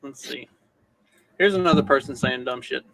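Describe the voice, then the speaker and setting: Wry deadpan podcast host. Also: male voice, medium pitch, normal speed, vocal fry, no room sound, low-quality recording. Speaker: podcast host running clips. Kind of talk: casual chat.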